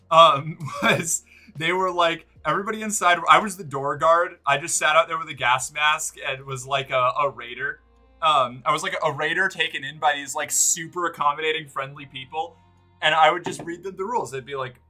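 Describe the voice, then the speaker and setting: Rambling bright-voiced male streamer. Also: a little high, normal speed, soft background music. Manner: rambling, self-interrupting, swears. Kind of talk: casual live-stream chat.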